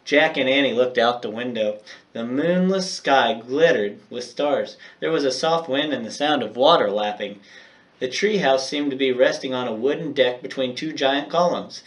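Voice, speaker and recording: A man's voice: medium pitch, normal speed, far from the mic. A male teacher reading a children's chapter book aloud and then recapping homework, speaking directly and encouragingly to his students.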